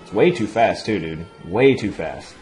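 A man giving excitable let's play commentary over a video game, swearing a lot and breaking into loud outbursts. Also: deep voice, a little slow. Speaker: gaming channel host. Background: faint game music.

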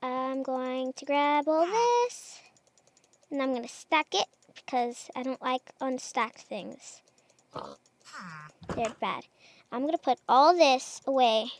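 High-voiced woman slowly narrating a game. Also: animated, slight background noise. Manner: chatty, unsure, talks to animals in game. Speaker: gamer. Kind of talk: casual Minecraft let's play commentary.

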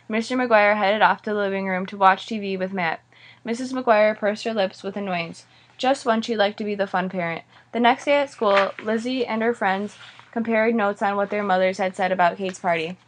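A woman reading a children's novel aloud in a plain, steady voice. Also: medium pitch, normal speed. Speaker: audiobook reader. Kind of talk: storybook read-aloud.

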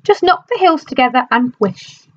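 A kindly good witch offers gentle reassurance, voiced by a woman reading a storybook. She sounds warm and calm, a little above the narrator's own pitch. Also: normal speed, lo-fi sound.

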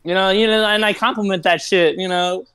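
A man's voice: high voice, steady tone, fairly quick, sharp tone, smooth. A man co-hosting a live stream, telling a story in a rambling, profane way full of fillers. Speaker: stream co-host. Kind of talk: casual live-stream chat.

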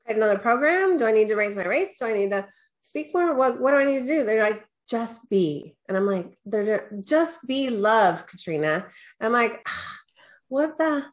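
A middle-aged woman speaks as a guest business coach in a relaxed interview. She sounds candid and animated and leans on little check-ins with the listener. When she quotes herself, her voice lifts. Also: brisk. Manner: animated storyteller, quotes herself with rising pitch; peppers talk with "right?" and "da, da, da". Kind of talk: casual storytelling interview.

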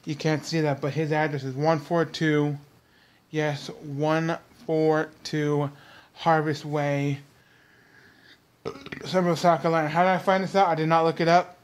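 A man's voice: a little high, little pitch movement, fast talker, few pauses. A young man hosting his own vlog, ranting heatedly and repetitively straight at his viewers. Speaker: vlog host.

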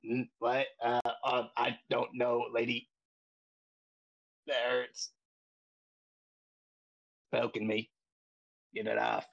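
A man's voice: medium pitch, flat delivery, slow pace, pauses often, muffled recording. A man voicing a confused, panicky goblin captive who stammers. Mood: panicked.

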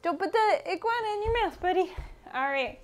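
A woman's voice: very high voice, expressive, brisk. A woman teaching preschoolers, leading them in movement games and cheering them on while she moves along with them. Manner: playful, cheering kids on while moving along. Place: indoor room with small children.

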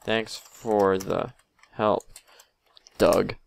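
A young man giving crude, excitable let's play commentary, talking to the game as he plays. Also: on the low side, drawn-out words, gravelly. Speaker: gamer.

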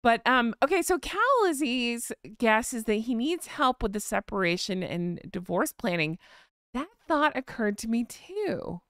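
A woman's voice: fairly high pitch, lively intonation, a little slow, fairly bright tone, dry recording, clean studio sound. A woman with a Southern US accent, hosting a casual live-stream chat in a gossipy, giggly way. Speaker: host.

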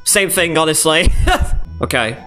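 A man streaming a game casually, swearing, yelling and laughing as he plays. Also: fairly high pitch, expressive, moderate pace. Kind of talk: casual live gaming commentary. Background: faint meme music and sound effects.

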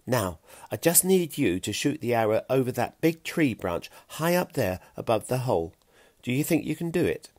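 A man voicing a clever, eager Stone Age boy with a bright, excited delivery. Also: medium pitch, moderate pace, no room sound, clean studio sound, voice pushed up. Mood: explaining.

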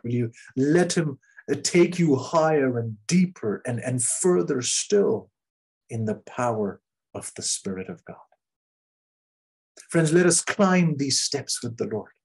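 A man preaches a sermon earnestly and emphatically, repeating phrases and letting key lines drop soft and low. His voice carries a breathy edge.

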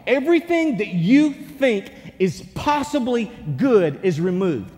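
Male pastor, higher voice, lively sermon delivery, church hall with long reverb. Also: slow pace. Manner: animated preaching, swings from hushed to loud. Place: church sanctuary.

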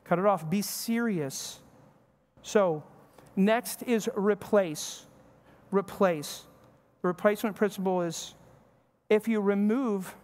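Preaching in a church sanctuary, a man with a high, slightly mellow voice talks to the congregation conversationally. He slips into short pieces of family dialogue, and the recording carries church hall reverb.

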